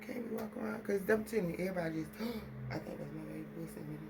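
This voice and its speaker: A woman's voice: lowish voice, very fast, noisy background. A woman, talking casually and rambling straight to her viewers at home. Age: adult with children. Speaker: vlogger. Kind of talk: casual chat to camera.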